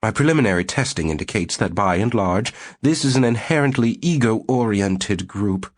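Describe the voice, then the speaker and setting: A man playing a skinny, rat-eyed psychologist who diagnoses everyone on sight. Higher and clipped, clinical and condescending, with a husky edge from the reader. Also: lively intonation, normal speed.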